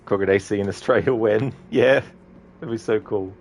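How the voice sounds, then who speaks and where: A man's voice: fairly low pitch, steady tone, a little fast, a little mellow. A man giving casual gameplay commentary, rambling, swearing casually and laughing often. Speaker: game commentator.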